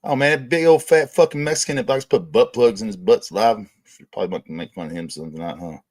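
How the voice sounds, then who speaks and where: A man hosting a livestream rants crudely in casual chat, swearing constantly. His voice sits on the low side, a little mellow, and he talks fast.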